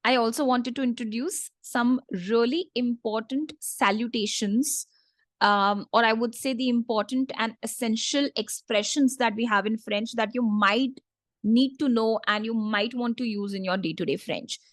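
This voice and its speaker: A woman teaching a French lesson in English, patiently repeating each word slowly for learners. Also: fairly high pitch, dry recording, studio quality. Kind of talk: online language lesson.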